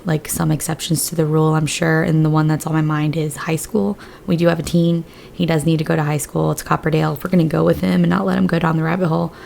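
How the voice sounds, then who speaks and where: Woman, gaming creator, hoarse and deep with a gravelly edge, loose rambling commentary. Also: a little mellow, slight background noise. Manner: rambling, chatty, a bit scattered. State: hoarse after surgery, voice lower than usual. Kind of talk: casual gameplay commentary.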